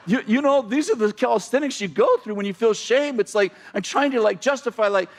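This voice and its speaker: A man preaching in a church sanctuary, his voice sitting high for a man. He is animated and excitable, reads scripture, then paraphrases it loudly, often shouting, and laughs at himself for getting so loud. He talks into a stage microphone. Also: a little fast, hardly any pauses. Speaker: pastor. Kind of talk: sermon.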